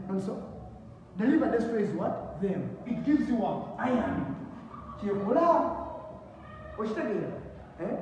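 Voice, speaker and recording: A man's voice: high-pitched, darkish tone, slight background noise. A male teacher, giving a classroom lesson and asking the class to finish his sentences. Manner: call-and-response questions, repeats key words. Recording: echoey room from far off.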